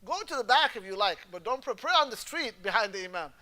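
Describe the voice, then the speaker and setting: A man's voice: sits high, expressive, fast, pushed and bright. A man teaching a class on Islamic law in a conversational lecture. He explains patiently, switches easily into Arabic terms and keeps asking whether the class is following. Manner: explains patiently, often checks the class understands; moves easily between English and Arabic terms.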